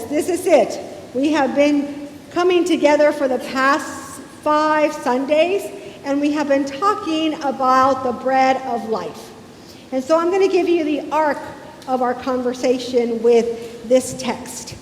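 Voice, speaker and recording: A woman pastor preaches in a church, retelling a scripture story in plain conversational words and acting out the quoted lines. Her voice sits high and she takes her time. The sound carries a long church-hall reverb over a faint low rumble. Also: a little mellow. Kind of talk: sermon. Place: church sanctuary.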